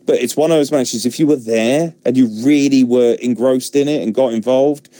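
An excitable young man chats through a podcast recap, swearing freely and laughing as he goes. His voice is mellow and dark, and it sits in a dry, close sound. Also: mid-range voice, moderate pace, no room sound. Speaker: podcast host. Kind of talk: casual recap monologue.

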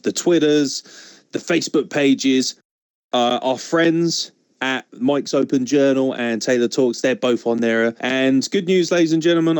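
A man hosts a casual wrestling podcast, chatty and joking, slipping into mock wrestling promo bits. His mid-range voice has a darkish tone, recorded dry at studio quality.

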